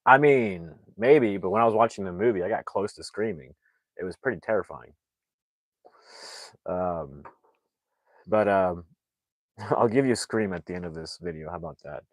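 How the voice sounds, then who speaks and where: A man retelling a film plot in casual, rambling talk full of fillers, now and then shouting out the characters' lines. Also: low-pitched, animated, moderate pace, long pauses, no room sound. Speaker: movie reviewer.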